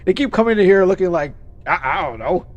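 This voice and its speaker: Fed-up grumbling school principal, loud and lively, put on by a male streamer. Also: high voice, a little fast, muffled recording.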